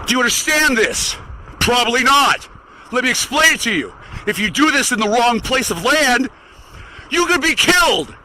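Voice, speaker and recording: A man with a high, piercingly bright voice rants in fury, swearing constantly and breaking into shouts. He is walking outdoors, with a faint hiss of background noise. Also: rough recording. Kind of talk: angry profane rant to camera. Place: outdoors, walking to get the mail.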